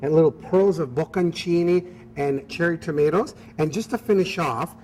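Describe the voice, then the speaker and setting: A man's voice: fairly high pitch, normal speed, a little mellow. A man who is a chef, talking through a cooking demonstration in an upbeat, easygoing way. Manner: upbeat, easygoing, apologetic when teased. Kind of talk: cooking demo chat.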